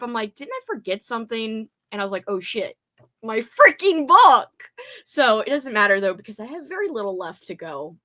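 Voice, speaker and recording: A bubbly woman hosts a casual booktube reading livestream, greeting viewers by name and laughing often as she chats with them live. Her voice is medium-pitched and a bit bright.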